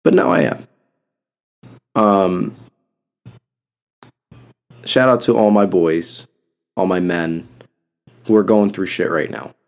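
Young male podcast host, low gravelly voice, blunt and profane, impassioned solo talk. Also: slow pace, pauses often. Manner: blunt, heavy cursing, impassioned.

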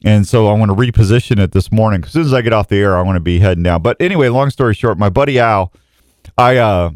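A man's voice: fairly low pitch, fast, no echo, clean studio sound. A middle-aged man hosting a casual morning radio show, rambling and self-mocking with lots of restarts and jokes. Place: radio station studio.

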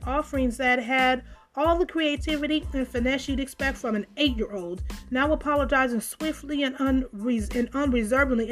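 A woman hosting a podcast, reading out news and reacting bluntly and indignantly, swearing freely. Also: high voice. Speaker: podcast host. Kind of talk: casual news commentary.

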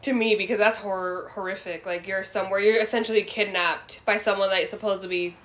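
A woman's voice: mid-range voice, fairly even intonation, brisk, fairly bright tone. A woman co-hosting a podcast in a casual chat, talking bluntly with plenty of swearing and laughter. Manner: blunt, profane, laughs often. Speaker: podcast co-host.

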